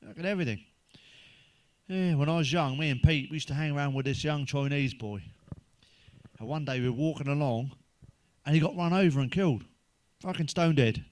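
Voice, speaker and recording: A man's voice: on the high side, a little fast, a little mellow. A man delivering a crude stand-up monologue, swearing freely and talking straight to the listener. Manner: swearing, chatty, addresses listener directly. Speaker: stand-up comedian.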